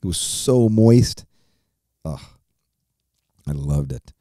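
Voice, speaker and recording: A man in his forties runs his own podcast, chatting in a rambling, foul-mouthed way and often laughing. His deep, mellow voice is expressive and slow-paced, in a dry studio-quality recording.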